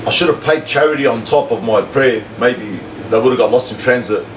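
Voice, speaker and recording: A man's voice: mid-range voice, fairly quick. A man, telling a story to his livestream viewers in casual, slangy chat. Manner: animated, repetitive slangy storyteller. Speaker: livestream host. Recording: echoey room, slightly distant mic, faint hum.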